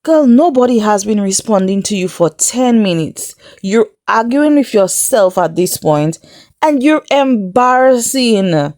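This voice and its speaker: A woman's voice: medium pitch, animated, unhurried, a little mellow, dry recording, clean studio sound. A woman giving a casual recap of a reality show, chatty and incredulous, laughing often as she tells it. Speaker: recap vlogger.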